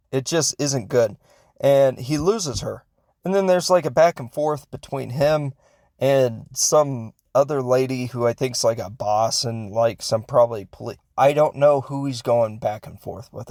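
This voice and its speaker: A man hosts a film review podcast, his darkish, mid-range voice recorded cleanly in a studio with no echo. As he recaps a film, he rambles in a casual way, often hesitates and corrects himself, and throws in jokes.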